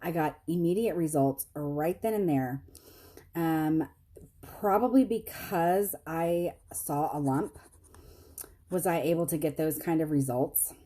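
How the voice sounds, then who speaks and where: Chatty low-voiced woman vlogger. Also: slow pace, dark tone. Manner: chatty, self-deprecating, laughs often, quotes others in high voices. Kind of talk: casual storytelling to viewers.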